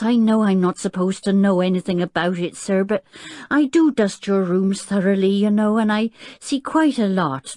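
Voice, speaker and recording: A woman's voice: mid-range voice, warm tone, dry recording, clean studio sound, lightly acted. A woman voicing a frightened, plump female housekeeper who is breathless and chatters anxiously. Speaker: servant of the professor.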